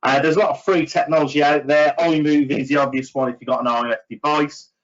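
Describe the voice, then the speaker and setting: A man's voice: on the high side, fairly even intonation, fast talker, lo-fi sound. A middle-aged man giving a webinar training talk to estate agents, chatty, with many fillers and self-deprecating asides.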